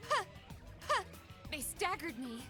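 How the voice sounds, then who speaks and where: A woman voicing an upbeat young woman soldier from a video game, cocky in battle, with a high, bright and bouncy voice. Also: big pitch swings, unhurried, full character voice. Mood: perky. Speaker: selectable player character voice. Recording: game audio with music underneath.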